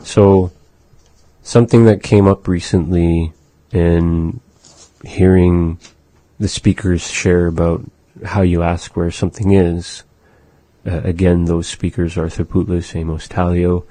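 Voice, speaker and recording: A man teaching vocabulary in a language lesson, slowly explaining phrases and modeling pronunciation for learners to repeat. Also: sits low, level tone, warm tone, no echo. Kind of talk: language lesson with repetition drills.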